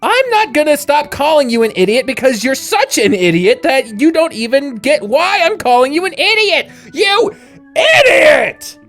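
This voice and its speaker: Bossy, hot-tempered young woman from a visual novel, high and shouty, exasperated scolding, played by a woman. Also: sing-song, normal speed, soft background music.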